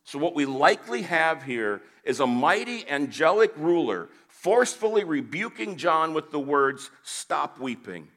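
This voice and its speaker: A man giving a measured, scripted Bible teaching with dry asides. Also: a little high, very animated, fairly bright tone.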